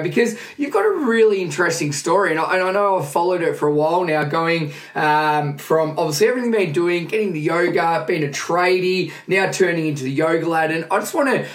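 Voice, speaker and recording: A man hosting a podcast interview, enthusiastic and matey, calling his guest mate. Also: high-pitched. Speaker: podcast host. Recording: roomy echo with faint music.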